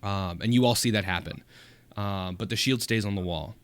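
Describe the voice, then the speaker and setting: Male game master, low and dry, rambling narration full of fillers. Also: normal speed, clear, resonant tone, no room sound. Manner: hesitant, many ums and likes.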